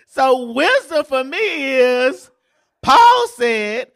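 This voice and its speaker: A woman's voice: a little high, sing-song, unhurried, creaky, long pauses, a bit bright. A woman pastor giving a sermon in a folksy, joking, conversational way, as if in a church.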